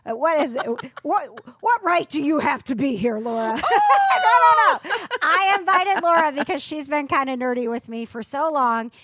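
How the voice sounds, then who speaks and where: A woman's voice: sits high, lively intonation, normal speed, hardly any pauses, heavy background noise. A woman hosting a casual podcast chat, bubbly and teasing, laughing often. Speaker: podcast host.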